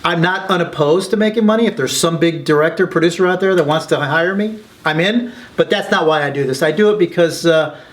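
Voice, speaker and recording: With a slightly high voice and a brisk delivery, this man talks as an interviewed documentary filmmaker. His storytelling is excited and animated, complete with lively impressions of the people he quotes.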